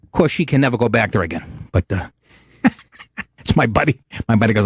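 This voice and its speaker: A man's voice: mid-range voice, very animated, a little fast, pauses often, breathy edge, no echo, clean studio sound. A man hosting a podcast, ranting in a profane, blustering way. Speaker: podcast host. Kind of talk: casual ranting talk show.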